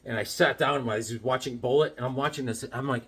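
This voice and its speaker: A man from Connecticut casually chatting about his comic books, rambling along and telling deadpan tall tales with jokes between them. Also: mid-range voice, fast, slightly rough. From Connecticut, USA. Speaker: comic book vlogger.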